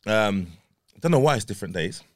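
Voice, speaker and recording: A laid-back British man chatting as a podcast guest, his voice mid-pitched but moving around a lot. He is relaxed and jokey, and the sound is dry and close. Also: quick pace, dry recording. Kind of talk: casual podcast chat.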